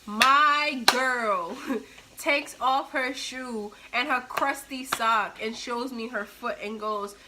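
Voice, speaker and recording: A young woman telling a personal story in a casual, animated way, with sudden bursts of loudness. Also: a little high, takes it slowly, background noise. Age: young adult. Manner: animated, expressive, with big jumps in loudness.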